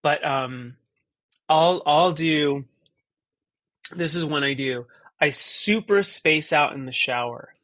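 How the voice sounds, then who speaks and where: A man's voice: a little high, takes it slowly, pauses often, a bit bright, dry recording. A man in his thirties, a guest on a podcast, chatting casually in a rambling, stop-start way. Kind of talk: casual conversation.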